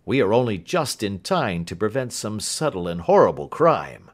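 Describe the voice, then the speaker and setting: A man's voice: on the low side, sing-song, normal speed. A man reading an audiobook who voices an earnest, loyal Victorian male doctor asking plain questions. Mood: questioning.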